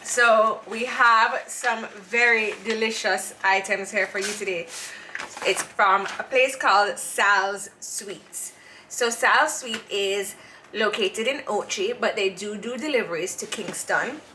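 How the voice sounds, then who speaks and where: A woman's voice: medium pitch, slow pace, bright, forceful tone, a little hiss or hum, low-quality recording. A woman hosting a casual chat show, chatty and giggly as she tells stories. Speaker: host.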